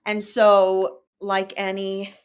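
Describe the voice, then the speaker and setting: A young woman hosting a book podcast, explaining a story and leading the chat in a relaxed way. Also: medium pitch, takes it slowly. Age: young adult. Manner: chatty, explanatory. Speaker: podcast host. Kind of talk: casual book discussion.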